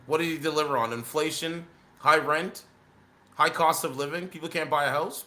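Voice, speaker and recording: A man's voice: fairly high pitch, moderate pace, pushed and bright, a little hiss or hum. A man giving casual political commentary while reacting to clips, blunt and scoffing.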